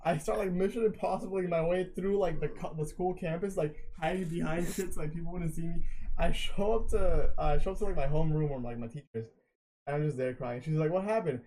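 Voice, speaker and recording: A man's voice: fairly high pitch, fairly even intonation, brisk, dark tone, a little hiss or hum, low-quality recording. A young man casually telling a rambling, profane story, full of fillers. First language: not English.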